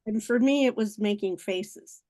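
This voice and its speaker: A woman's voice: medium pitch, unhurried, mellow. An older woman, a guest comedian, looking back on her career in a gracious, modest and reflective way during a podcast interview.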